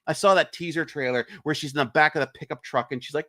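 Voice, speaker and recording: A man's voice: on the high side, fast, dry recording, studio quality. A man, an indie filmmaker, chatting casually and ranting with plenty of swearing, sometimes acting out quoted lines in a raised voice. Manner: ranting, profane, animated. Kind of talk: casual livestream chat.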